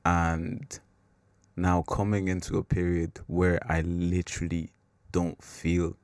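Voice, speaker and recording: A man's voice: low voice, flat delivery, slow, darkish tone, smooth, no echo. A man hosting a faith podcast, talking in a loose, rambling way that is full of "like" and pokes fun at himself. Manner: rambling and self-mocking, with filler "like". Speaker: podcast host. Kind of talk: casual faith talk.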